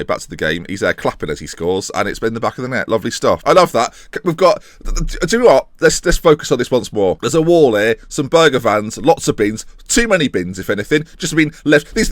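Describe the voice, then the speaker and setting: A man's voice: medium pitch, no echo, clean studio sound. A man giving jokey, rambling football-game commentary in the manner of a pundit. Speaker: gaming commentator. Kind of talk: casual Let's Play commentary.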